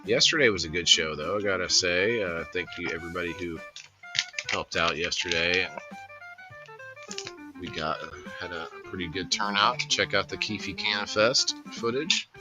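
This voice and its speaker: Low-voiced laid-back man hosting a livestream. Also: normal speed, music in the background. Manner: rambling, easygoing, greets viewers by name. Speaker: livestream host. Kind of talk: casual livestream chat.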